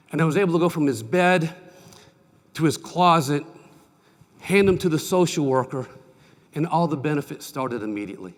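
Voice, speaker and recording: A middle-aged man delivers a keynote speech in a folksy, animated way, with a fairly high voice. He tells stories and keeps asking the crowd questions. The sound carries the long echo of a large conference hall. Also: moderate pace, long pauses. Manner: folksy, animated storyteller, asks the audience questions. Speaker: keynote speaker. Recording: distant mic with long hall reverb.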